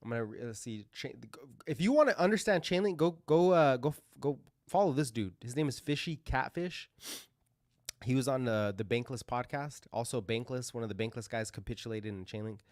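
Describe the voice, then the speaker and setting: A man's voice: medium pitch, lively intonation, brisk, dry recording, studio quality. A man hosting a crypto livestream, talking casually and rambling through live chart commentary with lots of fillers and restarts.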